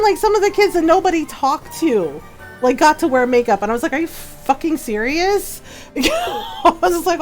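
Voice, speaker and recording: A middle-aged woman, a gaming streamer, telling a story in casual chat, animated, laughing often and asking "right?" a lot. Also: very high-pitched. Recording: faint music behind.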